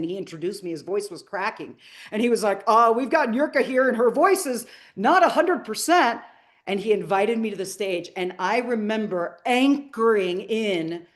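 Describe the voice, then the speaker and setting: A middle-aged woman giving a live motivational masterclass, earnest and inspirational, telling stories and asking the audience questions. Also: mid-range voice. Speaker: motivational speaker.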